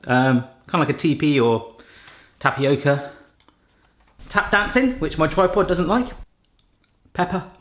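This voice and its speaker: A man, testing kitchen gadgets at home in casual chat and often bursting into excited exclamations. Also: medium pitch, echoey room.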